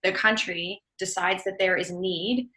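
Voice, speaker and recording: A woman on a video call explains things patiently to a webinar audience. Her voice is bright and forceful and sits on the lower side. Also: fairly even intonation, unhurried, low-quality recording. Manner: explanatory, adds detail to others' answers. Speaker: panelist.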